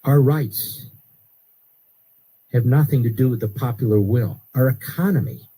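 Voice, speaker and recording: A man hosting a talk radio show, delivering an emphatic political commentary monologue that rises to sharp outbursts. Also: measured pace, slightly rough, rough recording. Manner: emphatic, rising to sharp high-pitched outbursts.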